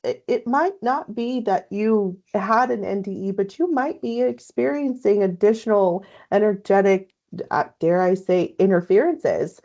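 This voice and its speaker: A woman's voice: mid-range voice, dark tone. Reflective woman, dull lo-fi recording. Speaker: podcast co-host. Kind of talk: casual spiritual chat.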